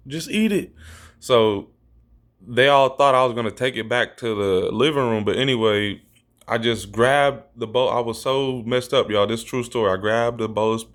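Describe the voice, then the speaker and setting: A man casually telling viewers a true story, animated and repeating himself, acting out what others said in a raised voice. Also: fairly low pitch. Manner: animated, acts out quotes in a raised voice.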